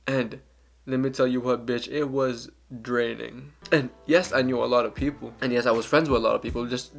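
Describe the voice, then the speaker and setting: A man's voice: mid-range voice, fairly even intonation, fairly quick, gravelly. A young man answering fan questions in a casual, candid, joking vlog. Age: young adult. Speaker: vlogger.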